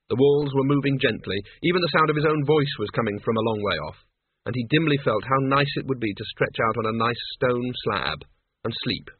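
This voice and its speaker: Male audiobook narrator, measured and husky, thin phone-like dry recording. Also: medium pitch, no room sound. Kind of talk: scripted narration. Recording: tinny narrow-band dry recording.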